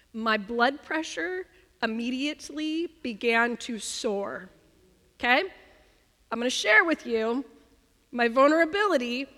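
A woman pastor delivers a sermon in a high, bright voice, telling an animated, self-deprecating story. Her voice rings with the long reverb of a church hall.

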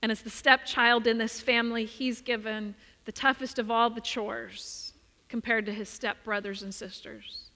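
Bright-voiced woman preaching in a hall. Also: a little high, moderate pace. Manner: expressive, dropping to soft emphasis. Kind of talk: sermon with storytelling. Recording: long reverb of a large hall.

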